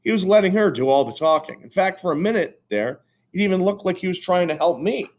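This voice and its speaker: A man reading a children's chapter book aloud in an animated, expressive way. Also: high-pitched, fairly quick. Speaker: reader.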